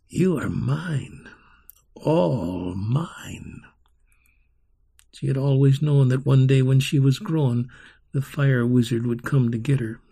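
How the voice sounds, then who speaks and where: A man reading a story aloud in a slow, rhythmic, expressive way, voicing sound effects himself. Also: mid-range voice, vocal fry, husky.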